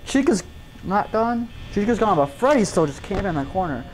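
A woman's voice: mid-range voice, sing-song, a little fast, slight background noise, poor audio. Jumpy woman playing a horror game. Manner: panicky, swearing, talking to herself, yelping. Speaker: gamer. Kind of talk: let's play commentary.

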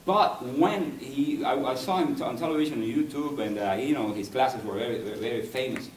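Male poet, English, halting lecture delivery, distant mic with faint hiss. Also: medium pitch. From Cuba. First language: Spanish. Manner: halting, digressive, searching for words. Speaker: poet giving a talk. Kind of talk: university lecture. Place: university lecture room. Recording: echoey room, distant mic, faint noise.

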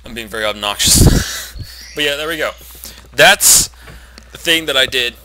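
A man's voice: mid-range voice, moderate pace, pushed and bright. A young man with a nasal voice, rambling and swearing casually while commentating a video game he is playing. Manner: rambling, swearing, self-mocking asides. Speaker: let's play commentator. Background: game music.

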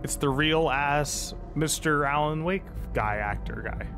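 A man's voice: on the high side, unhurried, music in the background. A young man streaming a game, rambling and swearing through casual, joking reactions. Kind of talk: casual live commentary.

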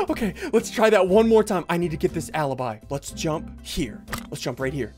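A man hosting a gaming video, commentating his own play excitedly, often laughing and repeating himself. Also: a little high, brisk, over music.

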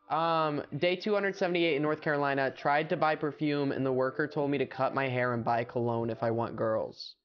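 A young American man streams live, chatting casually and playfully and rambling with filler words. His mid-range voice is clear and resonant, though the highs are cut off.

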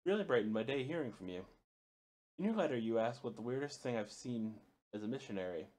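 A man playing a horror game, reading its notes aloud haltingly, with frequent stumbles, and swearing or yelping when startled. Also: mid-range voice, lively intonation, darkish tone. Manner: reads in a halting way, stumbling and restarting words. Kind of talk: let's play commentary.

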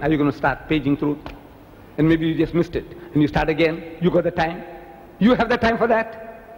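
Man preaching at a lecture, high-ish animated voice, long hall echo, faint room hum behind. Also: dull audio. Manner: animated, rhetorical questions, repeats key words. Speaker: Islamic preacher and debater. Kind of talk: public lecture.

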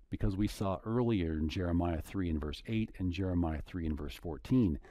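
Male Bible teacher, lowish mellow voice, dry close sound, earnest and conversational. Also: no room sound. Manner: conversational, earnest, paraphrases scripture casually. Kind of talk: scripture teaching.

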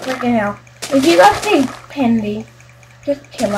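A woman hosting a gaming video, talking through her play in a casual, excitable way and yelling when frustrated. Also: fairly high pitch, normal speed, very noisy. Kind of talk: casual game commentary.

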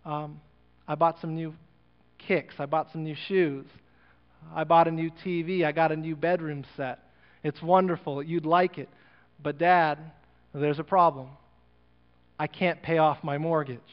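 A man's voice: fairly high pitch, fairly even intonation, measured pace, pauses often, clear, resonant tone, lightly acted. A man voicing a desperate young man in debt who pleads with and accuses his father, in a sermon illustration. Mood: pleading. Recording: muffled church recording with long reverb.

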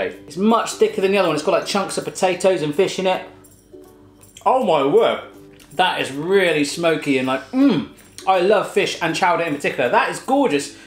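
A man's voice: sits high, roomy sound. A man hosting a food taste test in a home kitchen, chatting casually with playful jokes. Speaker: host.

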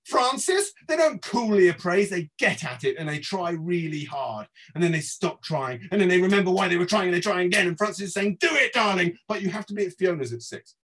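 A man's voice: high-pitched, quick pace, hardly any pauses, slightly rough. English man performing his own prose. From England. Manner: theatrical, swinging between loud outbursts and quiet murmurs. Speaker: author.

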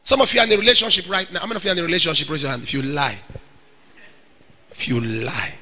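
A man preaching a sermon to young single men, animated and playful, acting out little scenes. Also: a little high, racing, in a large hall. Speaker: pastor.

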